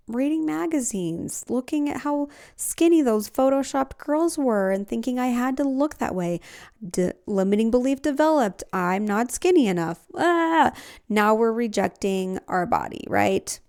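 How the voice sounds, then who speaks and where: A woman's voice: medium pitch, gravelly, darkish tone. A woman hosting a podcast, talking earnestly in a casual self-help style and laughing often. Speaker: podcast host.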